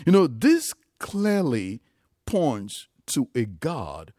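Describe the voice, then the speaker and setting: A man's voice: mid-range voice, very animated, extremely slow, warm tone, no echo, studio quality. A man preaching a sermon, emphatic and rising and falling for emphasis, calling his listeners loved ones.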